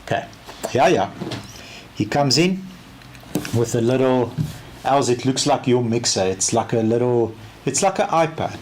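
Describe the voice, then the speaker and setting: A South African man giving a casual training talk, telling a story in an animated way and acting out both sides of the conversation. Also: mid-range voice, measured pace, pauses often, slight background noise. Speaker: car sales trainer.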